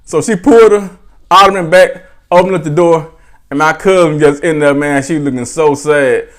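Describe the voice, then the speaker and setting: High-voiced man telling a story. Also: normal speed. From Mississippi, US. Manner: animated, dialect-rich, chuckling asides with frequent "right?". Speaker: storyteller host. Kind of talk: casual storytelling.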